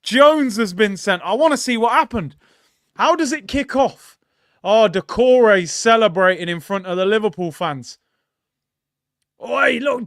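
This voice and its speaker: Man, watchalong host; high, smooth voice, excitable, shouty live reactions. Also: measured pace, no echo, studio quality. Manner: excitable, bursts into loud shouts; chatty, addresses viewers as "people".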